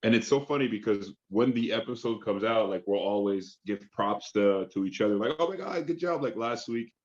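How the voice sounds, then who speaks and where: In a casual interview chat, a Canadian actor guest comes across as eager, chatty, and enthusiastic, packing his speech with fillers and restarts. His voice is on the low side with fairly even intonation and normal speed, and the sound is muffled and lo-fi.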